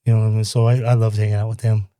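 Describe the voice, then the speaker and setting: Man guest from Utah, mellow dark voice, relaxed and rambling storyteller, close dry mic. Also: fairly low pitch, rapid-fire, dry recording. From Salt Lake City, Utah. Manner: animated, loose, leans on "you know what I mean". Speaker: podcast guest. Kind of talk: casual storytelling conversation.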